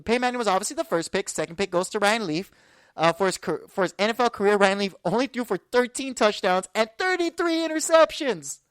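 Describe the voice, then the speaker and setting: A woman in her twenties hosts a sports podcast in a medium-pitched voice on a dry recording. She talks casually and rambles, using plenty of fillers.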